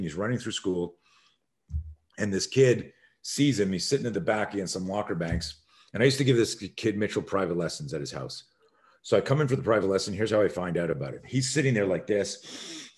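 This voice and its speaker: A middle-aged man, a self-defense instructor, telling a story in a podcast interview, acting out quoted voices and swinging between loud and soft. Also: on the low side.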